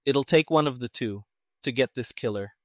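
A man voicing a quiet, wry army captain who speaks slowly and softly, in an audiobook reading. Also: mid-range voice, no echo, studio quality, natural voice. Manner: quiet, slow.

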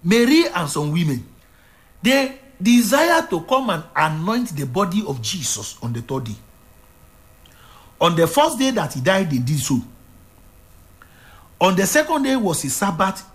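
A man's voice: high voice, sing-song, unhurried, long pauses. A man preaching a sermon, retelling a Bible story with fervent, dramatic delivery and repeated phrases.

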